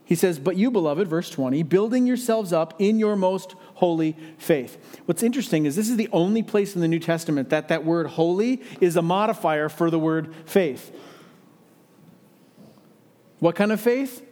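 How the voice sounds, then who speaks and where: A pastor delivers a sermon in a high, light male voice. He speaks earnestly and with emphasis, often pausing to put rhetorical questions to the congregation. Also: lively intonation, warm tone.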